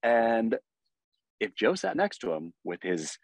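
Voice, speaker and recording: An American man co-hosting a podcast in casual chat, animated and quick to act out mock dialogue. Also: sits low, gravelly, no echo. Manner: animated, acts out mock dialogue, laughs often. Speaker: podcast co-host.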